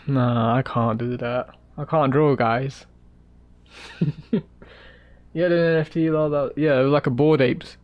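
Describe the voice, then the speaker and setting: Sketching on stream, an art streamer chats in a loose, rambling way, sometimes dropping into mutters while drawing. His voice sits on the high side, a little slow with long pauses, and the recording is muffled.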